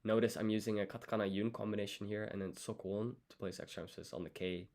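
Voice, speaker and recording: A man thinking aloud through a language study session, sounding out foreign words slowly syllable by syllable and muttering self-corrections. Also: fairly low pitch, steady tone, gravelly, darkish tone. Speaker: language learner streaming his study.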